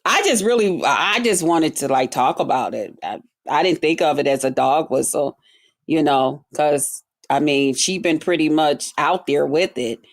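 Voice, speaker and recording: A woman chatting casually on a livestream, reading viewer comments and answering them in an animated, sassy way, jumping between high exclamations and low muttered asides. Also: measured pace.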